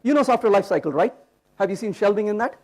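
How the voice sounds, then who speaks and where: A man's voice: high voice, fast talker. A man giving a conference talk, telling jokes and throwing rhetorical questions at the audience. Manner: animated, joking storyteller. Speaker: conference speaker. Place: conference hall stage.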